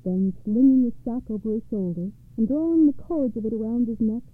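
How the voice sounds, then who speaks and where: Brief: female storyteller reading fairy tales, slightly high voice, tinny phone-like audio. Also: animated, a little fast, no echo.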